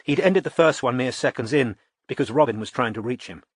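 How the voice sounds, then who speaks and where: A man reading a novel aloud as an audiobook narrator, in a measured, even storytelling manner. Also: mid-range voice, husky, no echo, clean studio sound. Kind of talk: scripted narration.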